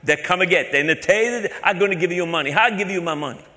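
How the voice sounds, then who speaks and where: A comedian voicing a befuddled older man who speaks in slow, halting broken English and plays dumb. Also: high-pitched, pushed and bright, in a large hall, pitched above the performer's own voice. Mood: playing dumb.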